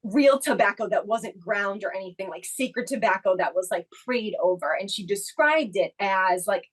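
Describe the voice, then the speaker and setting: A woman's voice: mid-range voice, expressive, normal speed, few pauses, breathy edge, rough recording. A woman co-hosting a podcast, telling a personal story in casual chat, reflective and full of the filler "like". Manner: reflective, leans heavily on the filler "like". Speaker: podcast co-host.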